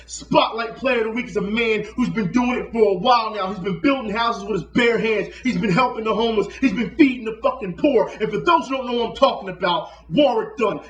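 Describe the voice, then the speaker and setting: A man with a strikingly high voice delivers an angry, profane sports rant straight to his viewers. He lectures and curses nonstop. The sound is roomy and echoing, and he sits a little back from the microphone. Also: distant mic. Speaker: vlogger.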